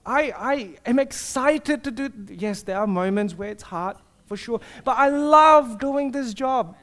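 A man's voice: extremely high pitch, expressive, measured pace, a bit bright. A male pastor preaching an earnest, personal sermon, asking the congregation rhetorical questions.

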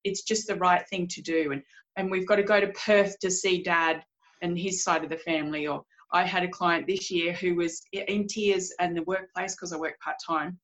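A woman's voice: on the low side, steady tone, normal speed, fairly bright tone, rough recording. A woman in her forties hosting a casual podcast chat, speaking bluntly and emphatically as she tells a client story.

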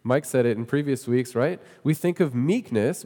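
A man's voice: medium pitch, moderate pace, dark tone, long reverb tail. A man preaching a sermon in a conversational way, often asking his listeners questions. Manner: conversational, asks the congregation questions. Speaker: pastor.

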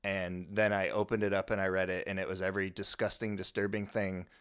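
Low-ish guy cohosting a podcast, easygoing, rambles, fond reminiscing. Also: little pitch movement, brisk, a bit bright, smooth. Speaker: podcast co-host. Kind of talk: casual chat.

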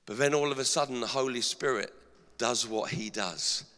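A middle-aged male pastor delivering an energetic sermon in a church, asking the congregation rhetorical questions. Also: medium pitch, moderate pace, clean tone. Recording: long hall reverb.

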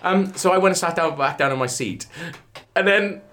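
A man telling a funny story in casual chat, fast and sweary, dropping into low mutters when quoting himself. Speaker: podcast co-host.

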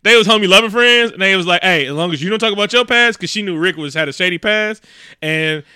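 Bright, crisp-voiced man riffing casually. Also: high-pitched, dry recording, clean studio sound. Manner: profane, joking, acts out characters in quick voices. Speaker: podcast co-host recapping a film. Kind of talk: casual comedic movie recap.

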